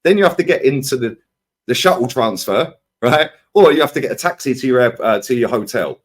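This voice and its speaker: Ranting man with a lively voice. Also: mid-range voice, fairly quick. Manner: ranting, animated, rhetorical "yeah?" and "right?". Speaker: football fan pundit. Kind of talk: heated fan debate.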